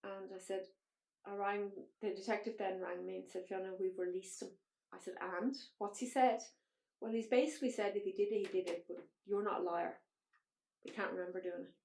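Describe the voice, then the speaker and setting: An Irish woman guesting on a podcast tells her own story bluntly and with feeling, swearing frankly as she goes. Her medium-pitched voice is creaky and slightly mellow, with fairly even intonation and a slightly quick pace, heard in an echoey room.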